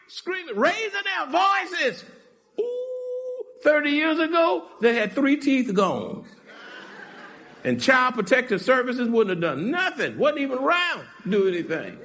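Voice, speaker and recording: A pastor with a very high voice preaches a lively, animated sermon. He swings between shouts and near-whispers and laughs often.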